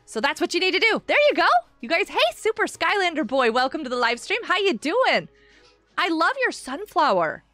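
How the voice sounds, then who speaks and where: A woman's voice: extremely high pitch, very animated, brisk, bright, forceful tone, no room sound, faint music behind. A woman hosting a live game stream, bubbly and gushing as she greets viewers in chat by name.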